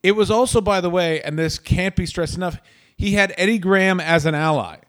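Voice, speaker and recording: A man's voice: sits high, fairly quick, a bit bright. A man who does stand-up, co-hosting a casual podcast and telling crude, rambling stories. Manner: chatty, crude, rambling storyteller. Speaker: podcast co-host, stand-up comedian.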